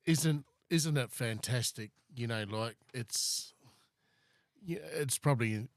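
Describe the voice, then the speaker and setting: A man hosts a relaxed podcast conversation, nudging his guest along with quick words of agreement. His voice sits at an ordinary pitch. The recording is close and dry. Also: no echo. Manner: encouraging, short affirmations. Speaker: podcast host. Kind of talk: casual chat.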